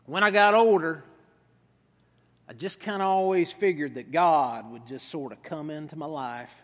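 A man voicing an aging, weary male sheriff with a West Texas accent, in a slow, resigned drawl. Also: a little high, natural voice. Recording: reverberant hall.

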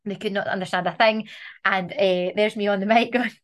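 A woman with a Scottish accent co-hosting a podcast, telling self-mocking stories in an animated, laughing way. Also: mid-range voice, brisk. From Scotland. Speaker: podcast co-host. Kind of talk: casual storytelling.

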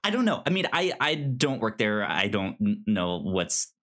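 A man co-hosting a video game podcast, talking casually with many restarts and hesitations. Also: lowish voice. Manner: lively, laughing, halting restarts. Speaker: podcast co-host. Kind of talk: casual chat.

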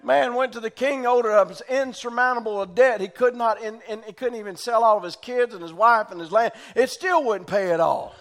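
A man preaching a sermon in a fervent style that often rises to shouting. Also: very high voice, normal speed, hardly any pauses.

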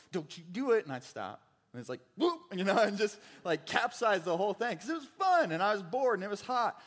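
A man preaching a casual sermon, animated and chatty, with jokey asides and quoted voices. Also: high-pitched. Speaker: pastor. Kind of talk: casual sermon with personal stories. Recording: long hall reverb.

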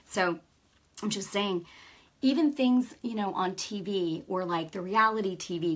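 Middle-aged woman, casual faith talk, animated storyteller, conversational, checks in with listeners. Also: medium pitch, moderate pace. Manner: lively storytelling, acts out quoted dialogue; peppers speech with "right?" and "you know". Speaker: Christian speaker.

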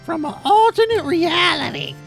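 A woman co-hosting a silly, improvised comedy podcast. Her voice sits very high and swings widely as she jokes around. Faint music plays behind her. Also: sing-song, normal speed, creaky. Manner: playful and goofy. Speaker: podcast co-host.

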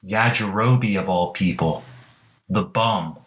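A man with a fairly low voice tells a long story in casual chat, rambling and circling back with plenty of filler words. He adds wry, playful asides as he goes. The room around him sounds echoey. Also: takes it slowly, fairly bright tone.

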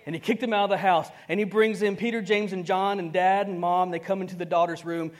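Talking fast in a high-pitched voice, a pastor animates his sermon with acted-out exchanges. His conversational delivery jumps suddenly between soft and loud, punctuated by frequent chuckles.

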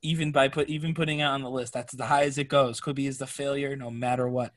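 A man co-hosting a podcast in casual chat, emphatic and quick to laugh. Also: medium pitch, level tone. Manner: emphatic, laughs often, incredulous. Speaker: podcast co-host.

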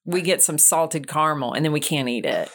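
A woman's voice: low-pitched, fairly quick. A woman guesting on a podcast in casual chat, teasing the host playfully and laughing easily.

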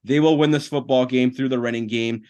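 A man co-hosting a sports podcast, making bold, animated predictions in casual talk. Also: medium pitch, a little fast, smooth, muffled recording. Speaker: podcast co-host.

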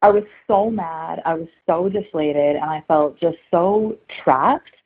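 A woman in her thirties talks through a thin, phone-like line, her voice a little husky and breathy. She speaks earnestly and reflectively, often reaching for casual fillers as she thinks aloud. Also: on the low side, slow. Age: 30s. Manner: earnest, reflective, heavy use of "like". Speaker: guest. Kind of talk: candid conversational interview.

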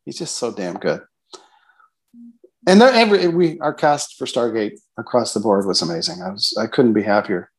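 A middle-aged man, a writer-producer hosting an interview, talking in a relaxed way and laughing between thoughts. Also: lowish voice, moderate pace. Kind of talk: conversational interview.

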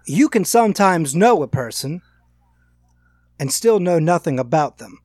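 A man voicing a cryptic, teasing gentleman ghost in a tabletop game, speaking in a smooth, riddling manner. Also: on the high side, expressive, a little slow, dry recording, clean studio sound. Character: ghostly old-movie gentleman spirit, cryptic.

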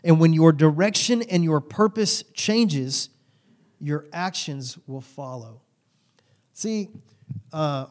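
A man in his forties preaching a sermon, telling folksy stories with sudden loud bursts. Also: high-pitched. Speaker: pastor.

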